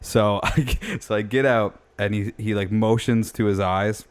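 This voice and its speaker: A young man co-hosting a podcast, telling a story in a casual, animated way, swearing and laughing as he acts out what people said. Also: on the low side, unhurried, clear, resonant tone. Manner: animated, swears a lot, laughs often, acts out quotes in a raised voice. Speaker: podcast co-host.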